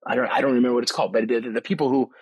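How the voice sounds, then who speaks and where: Male podcast host, mid-pitched, very dry close sound, excitable and rambling, heavy on "you know" and "um.". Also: racing, slightly rough, no room sound. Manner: enthusiastic, rambling with frequent fillers and restarts. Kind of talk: casual spoken monologue. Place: on location at a tech conference abroad.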